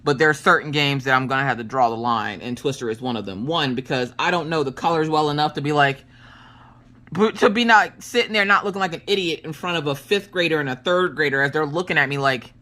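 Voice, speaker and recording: A woman in her thirties chatting casually while she works on a craft project, telling family stories in an animated way. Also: low-pitched, fast. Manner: animated storyteller, acts out family quotes. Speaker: crafting vlogger. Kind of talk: casual chat while diamond painting.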